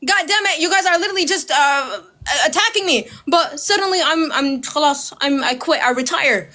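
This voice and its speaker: A woman ranting straight to camera, loud and heated, swearing constantly and mimicking her critics with sarcasm. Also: high-pitched, moderate pace. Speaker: social media creator. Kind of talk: ranting direct-to-camera video.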